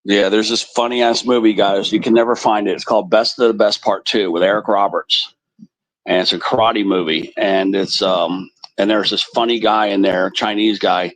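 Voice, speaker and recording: A man chatting casually on a livestream, telling rambling animated stories. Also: fairly low pitch, moderate pace, no room sound, poor audio. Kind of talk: casual chat, storytelling.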